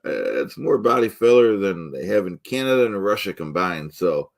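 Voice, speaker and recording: A man doing a self-important, thin-skinned guy cooking ham and eggs for a live stream, in a somewhat low voice. He rambles from topic to topic and keeps indignantly repeating that nobody should question him, all in an improvised comedy bit. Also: sing-song, moderate pace, gravelly, exaggerated voice. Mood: blustering. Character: pompous, touchy middle-aged man cooking eggs live. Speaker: livestream host in character.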